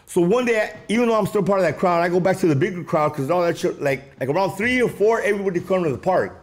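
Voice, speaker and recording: A man's voice: high voice, lively intonation, fast talker. A man telling stories from his youth in casual street slang, often ending lines with a tag question. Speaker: interviewee. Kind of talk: casual storytelling.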